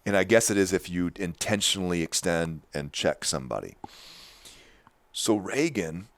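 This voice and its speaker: A middle-aged man with a loud voice, telling stories on a podcast in an animated, emphatic way with many restarts. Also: sits low, normal speed, dry recording. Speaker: podcast host. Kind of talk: casual podcast chat.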